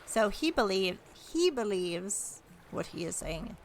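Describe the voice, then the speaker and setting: Woman, dungeon master, tabletop game, slow, gravelly, relaxed. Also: mid-range voice, slight background noise. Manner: relaxed, unhurried, explaining rules.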